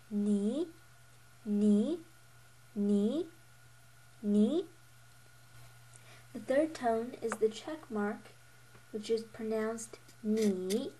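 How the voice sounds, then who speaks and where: Young woman teaching mandarin tones, really slow and patient, kinda high voice, faint hiss behind. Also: mellow. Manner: slow, patient, models each tone with repeats; self-correcting, a little giggly. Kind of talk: beginner language lesson.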